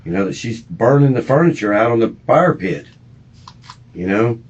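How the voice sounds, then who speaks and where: Husky man, rambling and distraught. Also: mid-range voice, lively intonation, normal speed. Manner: rambling, profane, agitated. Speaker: murder suspect being interviewed. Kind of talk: police interview testimony. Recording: muffled lo-fi interview recording.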